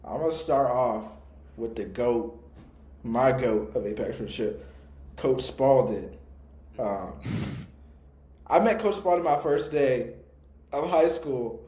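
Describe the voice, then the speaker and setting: Young male podcast co-host, warm low-key tone, easygoing slang, echoey room. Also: slow, pauses often. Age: young adult. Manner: relaxed, slangy, reflective. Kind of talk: casual storytelling.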